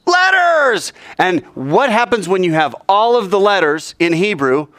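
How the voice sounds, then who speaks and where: A man's voice: sits high, moderate pace, dry recording. A man leads a Bible class, firing questions at his listeners. His voice climbs and dips freely, and the recording is dry and close. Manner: animated, quizzes the class with questions. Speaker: Bible teacher.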